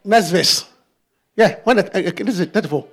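A man preaching a sermon with passion. He fires off repeated questions and builds up to shouting. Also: high-pitched, moderate pace.

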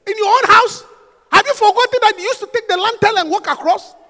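A man's voice: very high voice, quick pace, pushed and bright. A male preacher giving an emphatic, teasing sermon in a church. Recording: long hall reverb.

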